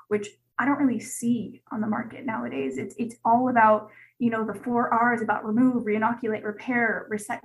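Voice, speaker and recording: A woman's voice: fairly high pitch, rough recording. A woman guest telling her own story in a candid, conversational way, with many "like"s. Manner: chatty, peppered with "like". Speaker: guest, gut health specialist.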